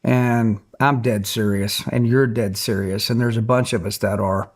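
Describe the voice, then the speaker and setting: A man's voice: fairly low pitch, steady tone, moderate pace. A middle-aged man, telling earnest stories as a guest in a podcast interview. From Tennessee, USA. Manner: earnest storyteller, acts out quotes. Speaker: guest, country singer.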